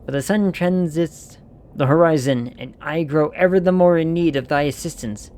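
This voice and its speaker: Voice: medium pitch, normal speed, a little mellow, close to an everyday voice. A streamer voicing a formal old-fashioned landlord in a video game, speaking in stately archaic diction.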